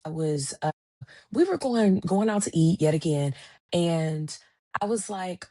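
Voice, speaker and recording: This podcast host, a woman in her thirties, speaks in a lowish voice at an unhurried pace. On her solo show she chats conversationally and brings her stories to life by performing the quoted dialogue.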